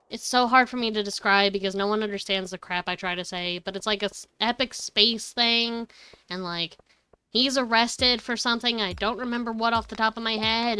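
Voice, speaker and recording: A woman streamer chatting casually at home, rambling and excitable, swearing freely. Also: fairly high pitch, clear, resonant tone. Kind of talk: casual livestream chat. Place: her home.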